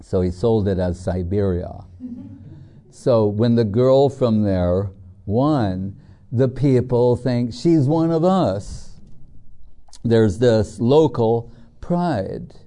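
A man's voice: medium pitch, lively intonation, slow pace, warm tone. A middle-aged man giving a devotional scripture talk, telling stories in a chatty way with many fillers. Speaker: spiritual teacher. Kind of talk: devotional scripture lecture with anecdotes.

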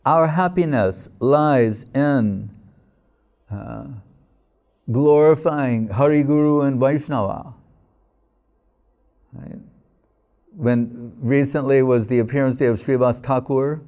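A man giving an unhurried devotional sermon, telling stories, quoting scripture and checking in with "right?". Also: medium pitch, darkish tone. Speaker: speaker at a devotional gathering.

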